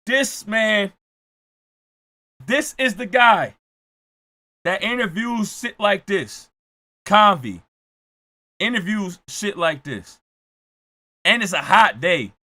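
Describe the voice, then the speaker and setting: A man doing comedic reaction commentary, ranting loudly and often shouting his punchlines. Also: sits high, lively intonation, takes it slowly, long pauses. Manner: repeats jokes for effect. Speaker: reaction streamer.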